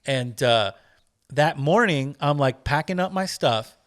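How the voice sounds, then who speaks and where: A man with a slightly higher voice tells a story as a podcast guest. He talks casually and loosely, swearing now and then. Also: animated, unhurried, fairly bright tone. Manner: loose, profane, acts out scenes with quoted voices.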